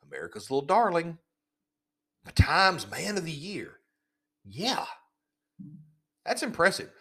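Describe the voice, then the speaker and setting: A man's voice: a little high, very animated, measured pace, fairly bright tone, slightly rough. A man hosting a podcast, ranting in an indignant, sarcastic tone and often repeating words as he goes. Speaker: podcast host. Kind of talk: casual ranting commentary.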